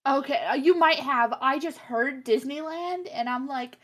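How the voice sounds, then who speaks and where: A woman listening in and asking quiet, amused questions. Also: sits high, unhurried, few pauses. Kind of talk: casual chat.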